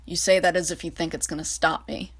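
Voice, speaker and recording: A woman's voice: on the low side, fairly even intonation, brisk. A woman voicing a cruel, mocking male dictator who personifies a nation, speaking with cold command. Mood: menacing.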